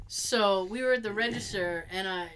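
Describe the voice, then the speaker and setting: A woman's voice: mid-range voice, moderate pace, smooth. A woman chatting casually as a co-host, swearing freely and acting out quotes while she tells stories. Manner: animated storyteller who swears and acts out quotes. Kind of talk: casual chat.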